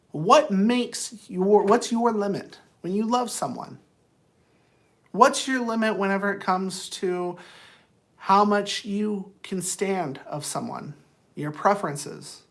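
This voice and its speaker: A man's voice: sits high, slow pace, fairly bright tone. A man who counsels people, talking straight to viewers in a casual, rambling motivational monologue, earnest and blunt.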